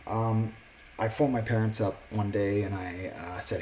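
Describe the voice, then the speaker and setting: A man casually sharing a personal faith testimony, earnest and reflective, often pausing and restarting his words. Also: fairly low pitch, little pitch movement, a little mellow, slight background noise, poor audio. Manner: halting, with many restarts and fillers.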